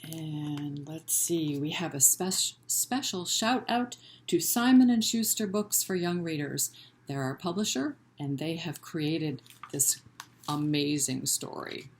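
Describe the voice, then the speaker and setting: A woman leading a children's library storytime, reading a picture book aloud in an animated way and inviting the children to chant along. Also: sits low, slow, a little hiss or hum. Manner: gentle and encouraging with children.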